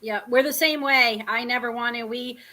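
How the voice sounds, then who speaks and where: A woman's voice: on the high side, fairly even intonation, normal speed, pushed and bright. A woman chatting casually on a livestream, laughing as she talks. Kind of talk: casual chat.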